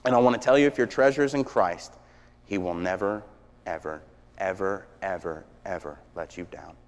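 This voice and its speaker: A man preaching a sermon, telling stories with energy that swings from hushed to shouting. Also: low voice, normal speed. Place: church sanctuary. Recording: long church reverb.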